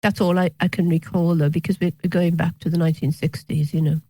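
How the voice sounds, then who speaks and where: A woman's voice: lowish voice, level tone, quick pace, dark tone, husky, no room sound, rough recording. Hesitant woman in her sixties. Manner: hesitant with many ums and restarts, wry. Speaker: physician and author, guest. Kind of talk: conversational storytelling interview.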